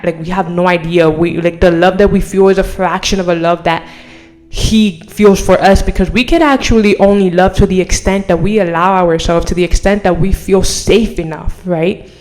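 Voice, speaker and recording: A young woman with a slightly low voice tells a personal testimony in a loose, rambling way. She speaks earnestly and is emotional at times. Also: a little mellow. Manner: earnest, rambling, fillers like "like" and "right?". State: emotional, near tears at times. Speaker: vlogger. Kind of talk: casual personal testimony to camera.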